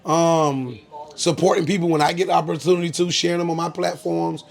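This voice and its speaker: A young man from Florida talks loosely about his comedy career, pausing often on "um" as he goes. His voice sits a bit higher than most men's. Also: fairly even intonation, vocal fry, soft background music. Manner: laid-back storytelling, frequent "um" fillers, bursts of laughter. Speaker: comedian guest. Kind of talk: casual interview chat.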